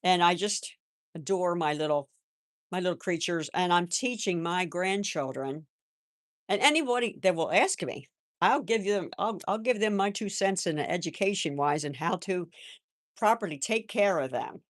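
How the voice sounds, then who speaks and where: An older woman hosting a live stream, chatting in a gentle, rambling way and answering viewers' comments. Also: on the low side, animated, normal speed, no room sound, studio quality. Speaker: livestream host. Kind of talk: casual live-chat talk.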